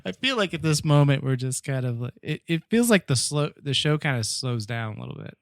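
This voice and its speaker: A man hosting a casual podcast, recapping a TV episode at a mid pitch with a chatty, patient way of explaining. His voice sits close and dry, with no room sound around it. He restarts his sentences often as he walks through the details. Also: lively intonation, a little fast, gravelly, no room sound. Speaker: podcast host.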